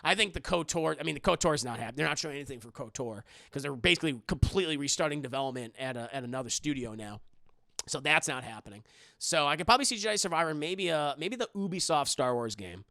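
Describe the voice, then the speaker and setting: A young man streaming live, talking casually in a slightly high voice with a gravelly, creaky texture. His tone is bright and forward, and the sound is close and dry with no room echo. He rambles, answering chat and restarting his sentences. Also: expressive, fast.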